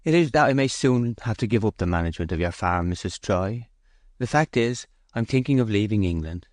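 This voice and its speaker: Audiobook: man playing a shy, loyal farm manager, deep, hesitant, dry. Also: expressive, a little fast, darkish tone, no room sound, close to an everyday voice. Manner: hesitant, plain-spoken. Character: shy steadfast male shepherd and farm manager. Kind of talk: audiobook character voice.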